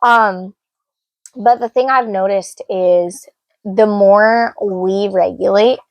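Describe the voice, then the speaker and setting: A woman with a gravelly, creaky edge to her voice tells stories in a lively, frank way and reflects openly on herself. Her pitch sits in an ordinary middle range. She co-hosts an unscripted conversation podcast, recorded close and dry. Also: takes it slowly, no echo. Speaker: podcast co-host.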